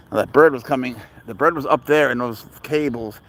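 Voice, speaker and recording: A man's voice: medium pitch, brisk, fairly bright tone, low-quality recording. A man hosting a casual live stream outdoors on a walk with his cat, rambling easily through viewer questions and baby-talking his pet. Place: outdoors on a walk near a road.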